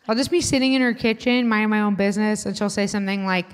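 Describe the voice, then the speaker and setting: A woman's voice: mid-range voice, little pitch movement, quick pace, hardly any pauses, clear, resonant tone. Woman doing stand-up in a reverberant club. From Indiana, USA. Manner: chatty, self-deprecating, builds to loud punchlines. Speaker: stand-up comedian. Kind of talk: stand-up comedy set. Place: comedy club stage. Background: live audience.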